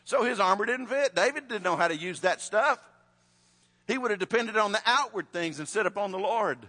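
A man's voice: high-pitched, lively intonation, a little fast, sharp tone, big-room sound. A male preacher, telling a Bible story in a conversational sermon with frequent restarts.

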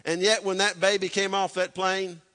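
A middle-aged man preaching a sermon, swinging from loud, urgent exhortation to hushed, intimate storytelling. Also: high-pitched, level tone, moderate pace, big-room sound. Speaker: pastor.

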